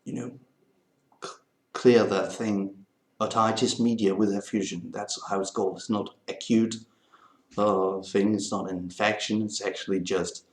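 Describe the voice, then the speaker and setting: A Belgian vlogger, a native French speaker with a Belgian French accent, meanders through a casual chat. His lowish voice stays steady at a measured pace, and the recording has a roomy sound.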